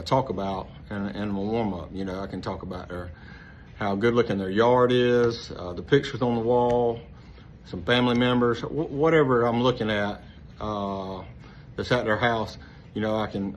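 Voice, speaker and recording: A man with a relaxed, rambling manner, giving casual sales training full of fillers and restarts. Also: on the low side. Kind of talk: casual instructional talk. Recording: slightly dull lo-fi with faint noise.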